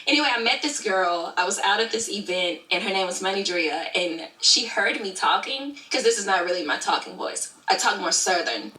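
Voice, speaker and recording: A woman's voice: mid-range voice, animated, moderate pace, hardly any pauses, bright, forceful tone, recorded from a distance. A woman in her thirties from Alabama, a creator of scripted shows, telling her story in a chatty, easygoing way during an interview. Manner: chatty, storytelling, laughs easily. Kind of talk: casual interview answers. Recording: echoey room, away from mic.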